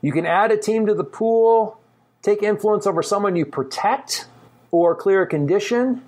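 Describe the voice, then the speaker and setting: A man running a tabletop game as game master, animated and thinking aloud with many fillers. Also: sits high, moderate pace.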